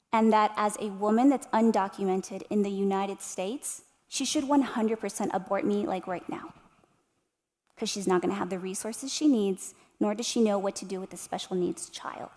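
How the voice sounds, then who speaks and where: A woman's voice: medium pitch, a little mellow, big-room sound. A woman in her thirties giving an inspirational keynote to a live audience, speaking passionately and asking them rhetorical questions. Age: 30s. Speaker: motivational speaker.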